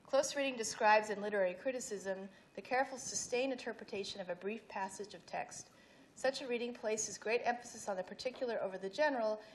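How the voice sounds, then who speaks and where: A woman's voice: medium pitch, slight background noise. A middle-aged woman giving an academic presentation at an event, explaining slides with frequent restarts. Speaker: speaker giving a talk. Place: event hall.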